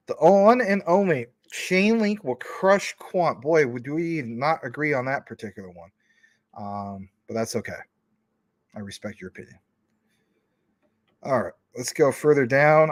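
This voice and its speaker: A man's voice: a little high, expressive, a little slow, pauses often, no room sound. A man hosting a casual livestream, reading viewer comments in a rambling, informal way with many fillers. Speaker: crypto livestream host.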